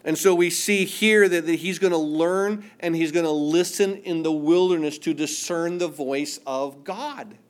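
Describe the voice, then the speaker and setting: A man preaching a sermon, reading scripture aloud and acting out the voices, asking the congregation if they understand, and dropping almost to a hush for the quiet passages. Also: on the high side, unhurried, hardly any pauses, smooth. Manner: dramatic, drops to near-whisper for quiet passages; acts out biblical voices, asks listeners "do you understand?".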